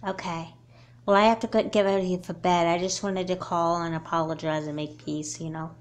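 In a home-made doll movie, a woman voices a young girl hooked on her laptop, using a low-set, natural voice with fairly even intonation at normal speed and an apologetic mood. When the girl panics, the voice jumps up high and loud.

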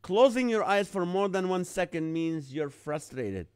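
Animated man telling a comic story. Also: sits high, unhurried, clean tone, no room sound, clean studio sound. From Middle East. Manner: animated, acts out other people's lines in a jumped-up voice. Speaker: host of a live online show. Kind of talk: comedic storytelling monologue.

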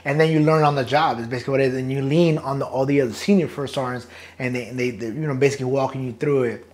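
A middle-aged man from New York, a guest in an interview, telling his stories in a casual, animated and profane way, acting out quotes with laughter. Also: mid-range voice, fast talker.

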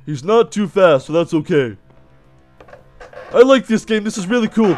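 A man with a high, light voice gives running commentary on a horror game. He talks in a jumpy, excitable way, with sudden yells and nervous laughs. Soft music plays underneath. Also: normal speed, pauses often. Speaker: let's play gamer.

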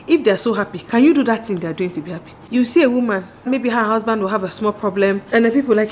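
A woman in her thirties with a Nigerian accent, giving a candid, animated monologue on marriage straight to her viewers and acting out the voices she quotes. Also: a little high, fast, hardly any pauses, a little hiss or hum. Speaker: vlogger.

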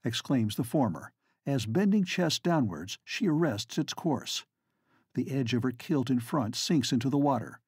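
A man narrating a novel as an audiobook in a measured, dramatic storytelling manner. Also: mid-range voice, animated, a little mellow, husky, dry recording, studio quality. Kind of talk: scripted narration.

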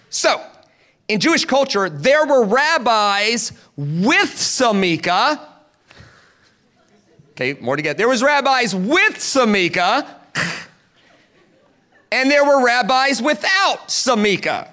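A middle-aged man from South Carolina preaching a sermon as a guest speaker, teaching in an animated way and getting the crowd to repeat words after him. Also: very high-pitched, slow pace, long pauses. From South Carolina, USA.

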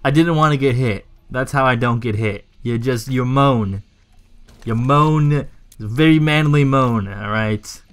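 A young man commentating his own game play, joking, swearing and talking back to the game, his voice jumping high when he gets irritated. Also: unhurried, clear, resonant tone, faint music behind. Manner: excitable, swings into high yelps when irritated; jokey, swears, talks to the game. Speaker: gaming YouTuber.

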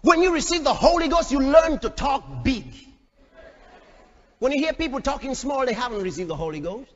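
A male pastor preaching a fiery, dramatic sermon, shouting at peaks and acting out voices. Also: extremely high pitch, sing-song, normal speed. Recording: echoey hall, dull lo-fi sound.

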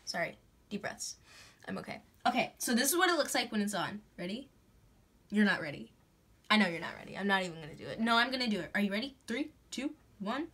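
A young woman chatting through a craft tutorial in a bubbly, excitable way, breaking into gasps and squeals. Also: medium pitch, fast talker, husky. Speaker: craft vlogger. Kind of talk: casual DIY tutorial chat.

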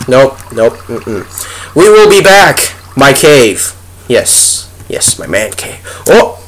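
A man's voice: a little high, sing-song, a little slow, creaky. A young man giving goofy, chatty let's play commentary as a gaming video host, talking to the animals in the game. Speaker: gaming YouTuber.

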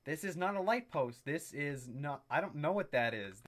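A young adult commenting on a video game in a comedic let's-play style, with loud, excitable exclamations, frequent swearing and sarcastic asides. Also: mid-range voice, moderate pace. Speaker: gameplay commentator.

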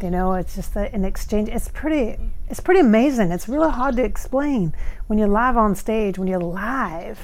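A woman voicing the spirit of a late male rock star, who speaks slowly and earnestly in first person about being humble and grateful. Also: mid-range voice.

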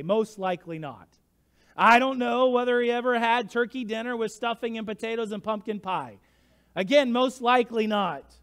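Pastor guy w a really high voice, preaching a sermon, gets quiet then yells. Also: smooth. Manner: dramatic storytelling, swings from hushed to shouting. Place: church sanctuary. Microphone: livestream church mic.

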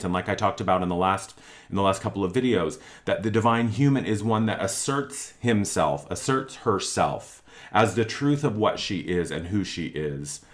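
A man giving a spiritual monthly forecast talk, earnest and emphatic, repeating phrases for effect. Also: low voice. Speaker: spiritual teacher.

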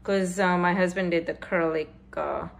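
A woman's voice: lowish voice, steady tone, gravelly. A middle-aged woman casually narrating a home repair vlog, rambling with many fillers and out of breath from the effort. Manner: rambling, halting, with frequent fillers. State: out of breath from pulling. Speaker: home vlogger.

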